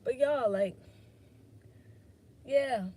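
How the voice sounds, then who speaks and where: A woman's voice: high voice, drawn-out words, darkish tone. A woman hosting a casual solo podcast, rambling between topics and swearing freely as she talks things through. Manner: drifts between topics, many fillers. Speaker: podcast host.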